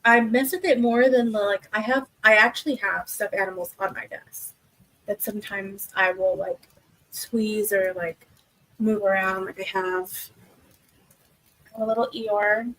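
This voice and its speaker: A woman's voice: mid-range voice, steady tone, unhurried, fairly bright tone, low-quality recording. A young woman hosting a livestream, chatting casually with viewers from her desk and rambling with many fillers and restarts. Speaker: livestream host. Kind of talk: casual chat with live chat. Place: home desk.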